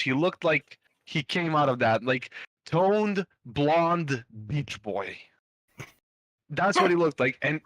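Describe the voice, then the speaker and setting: A man's voice: on the high side, fairly bright tone, dry recording. Rambling young man telling a story. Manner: rambling, many fillers and restarts, swears casually. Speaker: podcast guest telling a story. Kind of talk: casual storytelling among friends.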